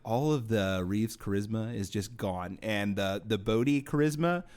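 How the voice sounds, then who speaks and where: A man's voice: fairly low pitch, normal speed, a little mellow, smooth. Wry, sarcastic podcast co-host man. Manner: wry, sarcastic storytelling with mock impressions. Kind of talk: casual movie review chat.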